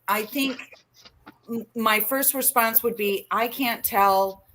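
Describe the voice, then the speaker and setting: A woman host on a casual podcast speaks in a high, bright voice. She talks very slowly and lingers over her words, with a joking, easygoing manner. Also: a little hiss or hum.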